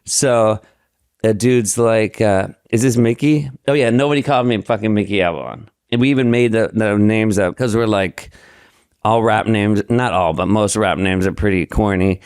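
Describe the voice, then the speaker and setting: A man's voice: lowish voice, normal speed, darkish tone, clean tone, no echo, studio quality. A man telling a long story as a podcast guest in casual chat, rambling and profane, acting out other people's lines. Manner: rambling, profane, acts out dialogue.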